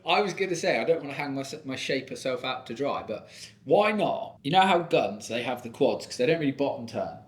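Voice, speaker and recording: Bloke telling surf stories on a podcast, laughs a lot, echoey room. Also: male voice, medium pitch, brisk. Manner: chatty, animated storytelling with frequent laughs. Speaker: surfboard shaper, guest. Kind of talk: casual podcast chat. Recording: roomy echo.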